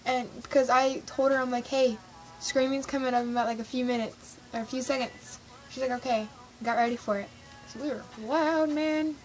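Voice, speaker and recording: A teenage girl vlogging, telling a rambling, excitable story with lots of fillers. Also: sits high, normal speed, soft background music, rough recording. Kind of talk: casual storytelling vlog.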